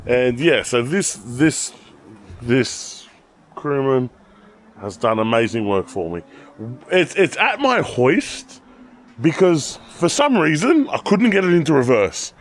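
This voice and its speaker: A man with an Australian accent, chatting casually and rambling as he walks through his car collection, telling animated stories. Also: mid-range voice, slow. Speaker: channel host. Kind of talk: casual car walkaround vlog.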